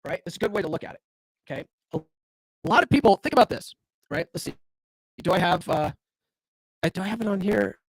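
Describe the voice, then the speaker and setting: In a clean, echo-free studio recording, a man with a high, husky voice and lively intonation talks fairly quickly, pausing often. Hosting a solo podcast on dating and self-improvement, he's casual, blunt and profane. He keeps asking listeners "right?" and challenges them directly with rhetorical questions.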